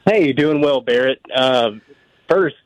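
A man calls in to a sports radio show. He talks in a rambling, hesitant way, his pitch sits in the middle range, and the recording is dry. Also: slow, no room sound, rough recording. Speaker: caller. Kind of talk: call-in question to a radio show.

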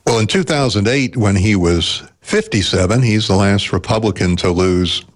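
A man hosting a public radio talk show, measured and informative. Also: on the low side, expressive.

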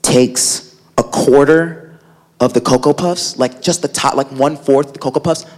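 A man doing stand-up comedy, telling a family story in an animated way, filling his talk with "like" and acting out his relatives. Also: mid-range voice, moderate pace. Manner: animated, loads of "like" fillers, acts out family members.

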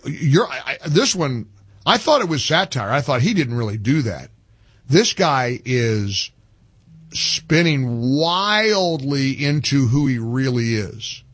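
A man's voice: on the high side, slightly rough, no room sound, studio quality. An older man hosting a talk radio show, talking animatedly with fired-up peaks and earnest appeals to listeners. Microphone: studio microphone.

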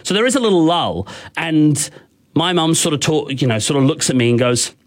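Rambling young Australian radio host. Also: male voice, on the high side, expressive, moderate pace. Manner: rambling and open, with many fillers and restarts. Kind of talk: candid on-air storytelling.

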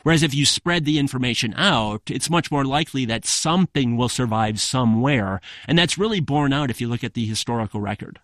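A male author, a guest on a radio interview, talking in a thoughtful, measured way with frequent hedges. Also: mid-range voice, expressive, a bit bright, no echo, studio quality.

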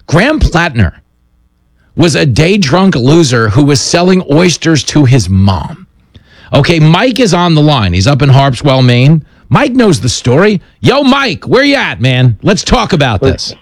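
Sarcastic gravelly talk radio host. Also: male voice, on the high side, a little slow, dry recording. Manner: sarcastic, mocking, animated.

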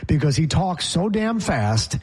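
A man hosting a sports talk show, chatting casually and running through the schedule with animated, opinionated commentary. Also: a little high, a little slow, breathy edge. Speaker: sports radio host.

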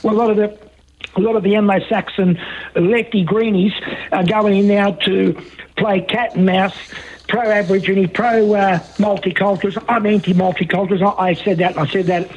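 A man's voice: high-pitched, steady tone, moderate pace. A man calling in to a talk radio show, rambling and repeating himself insistently over a muffled phone line. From Australia. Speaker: caller.

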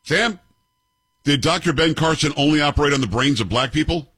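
Combative husky male commentator. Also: on the high side, fairly quick, fairly bright tone, no room sound. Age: 50s. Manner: combative, sarcastic, rhetorical questions. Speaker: commentary show host. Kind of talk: opinionated commentary on clips.

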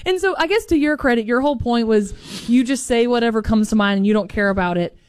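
A young woman, co-hosting a podcast, an animated storyteller who laughs often. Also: fairly high pitch, fast talker, clear, resonant tone, no room sound. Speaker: podcast co-host. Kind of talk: casual chat.

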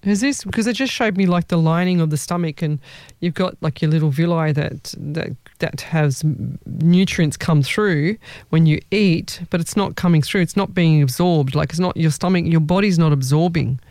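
A psychic medium talks through a live reading in a loose, chatty way, circling back and restarting phrases as impressions come. The voice is mellow and warm. It sounds close and dry, with no room around it. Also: mid-range voice, normal speed, no room sound. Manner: chatty, rambling, restarts sentences.

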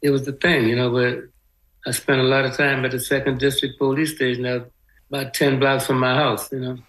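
A man recounting old memories in a relaxed, rambling manner, peppering his talk with "you know." His voice sits at an ordinary middle pitch, and his speech has a flavor. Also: a little fast, rough recording. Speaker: interviewee recalling his past. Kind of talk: casual storytelling.

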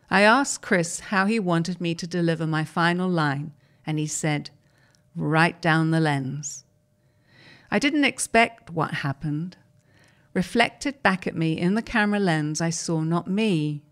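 A woman hosting a program, reading a first-person interview article aloud in a measured storytelling manner. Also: fairly low pitch, fairly bright tone.

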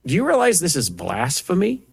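An impassioned man teaches the Bible verse by verse, firing off rhetorical questions and mocking asides as he builds to forceful preaching. His voice sits a little higher than most men's, and the sound is close and dry with no room around it. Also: wildly swooping pitch, normal speed, creaky, breathy edge, dry recording. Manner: impassioned, rising to emphatic preaching on scripture. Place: at a computer, typing up passages.

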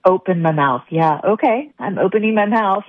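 Woman, phone caller, skeptical, incredulous, lively pitch, muffled line. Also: moderate pace, no echo. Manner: skeptical, incredulous, laughs easily. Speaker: prank call target. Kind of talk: phone conversation. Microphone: telephone.

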